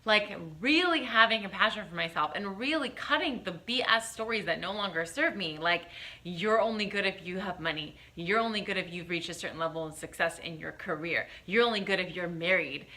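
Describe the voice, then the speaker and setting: A woman's voice: on the low side, brisk, sharp tone. A woman in her late twenties talking candidly in a casual vlog, reflective and open, with lots of "like" and "uh". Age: 20s. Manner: candid, reflective, many fillers like "like" and "uh". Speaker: vlogger.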